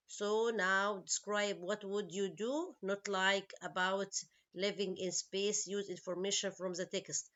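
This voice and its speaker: In an online English lesson, a female teacher whose first language is Arabic slowly explains each vocabulary word and grammar point, asking her students questions and making small grammar slips. Her mid-range voice is slightly bright, and the lo-fi recording sounds a bit dull.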